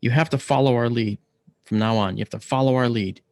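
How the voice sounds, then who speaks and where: A man quoting an insistent, mysterious young male guide in a calm, firm voice. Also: medium pitch, a little fast, no echo, lightly acted.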